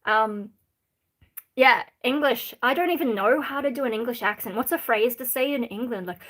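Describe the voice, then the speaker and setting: An Australian woman from Sydney chatting casually on a livestream, reading out viewer comments in a rambling, candid way with many pauses. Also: a little high, fairly bright tone. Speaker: livestream host.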